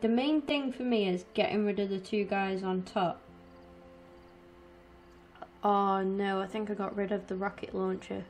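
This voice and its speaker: A woman's voice: mid-range voice, steady tone, measured pace, pauses often, a little mellow, a little hiss or hum. A woman in her twenties giving frustrated, heavily sworn let's-play commentary and talking to her viewers. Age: 20s. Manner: frustrated, swears constantly, talks to viewers. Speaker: gaming streamer.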